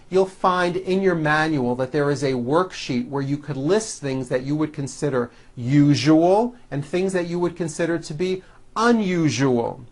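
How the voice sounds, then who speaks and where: An English pronunciation teacher, leading drills and reading practice sentences in a deliberate, carefully articulated way. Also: medium pitch. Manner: slow, deliberate, clearly articulated drilling of words. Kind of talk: recorded English pronunciation lesson.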